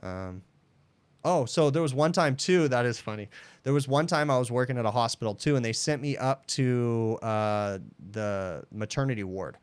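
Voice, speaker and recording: A man's voice: mid-range voice, normal speed, smooth, no room sound. A man hosting a casual livestream Q&A, telling work stories in a chatty, laid-back way. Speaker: livestream host, HVAC technician.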